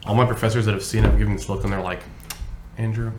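A man's voice: on the low side, steady tone, racing, noisy background. A young man co-hosting a podcast, chatting casually and telling stories with a chuckle. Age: young adult. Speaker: podcast co-host. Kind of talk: casual chat.

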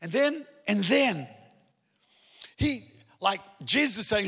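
A male pastor preaching a sermon in an animated way, swinging between emphatic points and hushed storytelling. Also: on the high side, normal speed, husky. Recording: long hall reverb.

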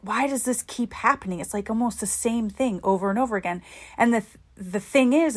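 A young woman hosts her own podcast in a loose, opinionated monologue. Her voice sits at a middle pitch, and she talks the way she would with a friend, filling gaps with "like" and leaning hard on the points she feels strongly about. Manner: chatty, heavy use of "like", emphatic. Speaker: podcast host.

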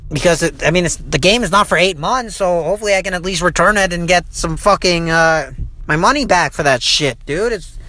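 A man's voice: high-pitched, fairly quick, bright, forceful tone. A man hosting his own podcast, telling a story in a casual, profane rant that runs heated, with frequent restarts. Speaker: podcast host. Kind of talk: casual ranting monologue. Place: inside a vehicle.

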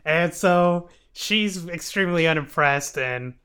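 A young man with a bright, forceful voice, chatting loosely on a comedy podcast. He pitches a touch high and keeps breaking into giggles as he rambles through a recap. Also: clean tone. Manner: rambling, giggly, slips into quick voices for characters. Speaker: podcast co-host recapping a show. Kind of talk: casual comedic podcast chat.

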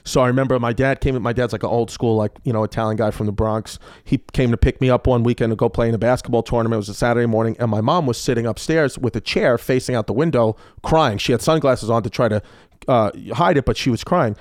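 A comedian guest telling stories in casual chat, animated and profane, acting out quotes. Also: male voice, medium pitch, fast talker, no echo, clean studio sound. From New York. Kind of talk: casual storytelling.

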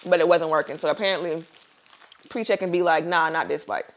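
A young woman spins a story on a casual podcast, her voice sitting a little low. She swears freely and acts out each person's words as she goes. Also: a little fast. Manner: animated storyteller, profane, acts out quotes. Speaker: podcast co-host.

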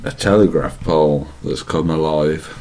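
A man's voice: a bass voice, moderate pace, warm tone, a little hiss or hum. A man co-hosting a comedy show, posing crude, absurd would-you-rather questions.

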